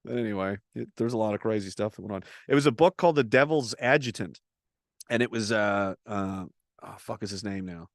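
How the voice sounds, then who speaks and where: A man's voice: on the low side, fairly quick, dry recording, clean studio sound. Rambling, cursing male podcast host. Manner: rambling, profane, laughs often. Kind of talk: casual podcast chat.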